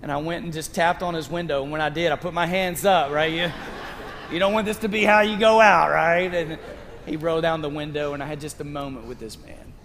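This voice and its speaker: A man's voice: on the high side, a little fast, a bit bright, long reverb tail, slight background noise. A male pastor preaching a sermon in a conversational, storytelling way.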